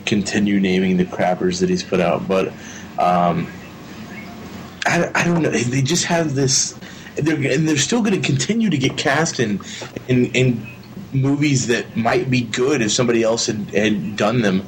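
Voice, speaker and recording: A man with an everyday, mid-pitched voice feels his way through his thoughts, restarting sentences and filling pauses. Faint noise runs behind him. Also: animated, low-quality recording. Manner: hesitant, restarts often. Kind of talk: casual chat.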